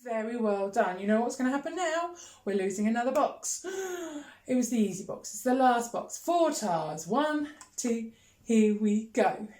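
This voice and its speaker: A woman's voice: fairly high pitch, expressive, normal speed, a little mellow. Encouraging woman chanting rhythm syllables. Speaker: music teacher. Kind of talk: children's music lesson. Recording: echoey room with faint noise.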